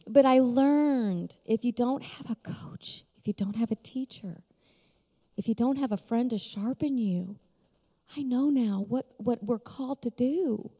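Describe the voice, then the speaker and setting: A woman's voice: on the high side, measured pace, dark tone, breathy edge. A middle-aged woman giving an emotional personal testimony at a conference, storytelling with frequent laughs. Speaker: conference speaker. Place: large conference hall. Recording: long hall reverb.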